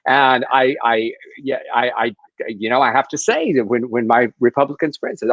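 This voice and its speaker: A man from Texas with a Southern accent co-hosting a casual livestream, expressive and prone to stammered restarts. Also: mid-range voice, moderate pace, no room sound. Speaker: co-host. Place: Los Angeles. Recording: dry lo-fi stream audio.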